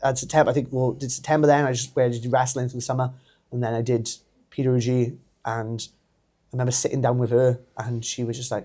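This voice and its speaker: A man in his thirties with a Welsh accent, a wrestler telling his story as a podcast guest, animated and laughing often. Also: mid-range voice, fast talker. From Wales. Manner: animated, laughs often, acts out quoted voices. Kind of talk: casual storytelling interview.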